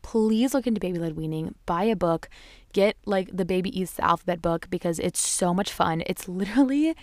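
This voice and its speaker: A woman's voice: fairly low pitch, a little fast, darkish tone, no room sound. A young woman hosting a parenting show, talking candidly and casually with lots of "like" and "you know", sometimes acting out her kids' voices. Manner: acts out her children's voices in quotes. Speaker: parenting podcast host. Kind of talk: casual chat.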